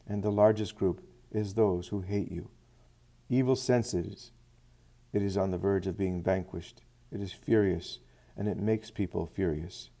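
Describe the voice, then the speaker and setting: Low-voiced guy reading as a sad serene mother, slow and hushed, dark tone. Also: fairly even intonation. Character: grieving mother, serene and devout.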